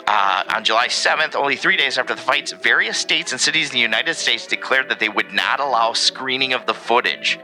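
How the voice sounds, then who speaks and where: A man's voice: mid-range voice, a little fast, few pauses, faint music behind, poor audio. A man co-hosting a casual podcast, reading a history segment with joking asides. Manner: animated, reads facts with joking asides. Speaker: podcast co-host.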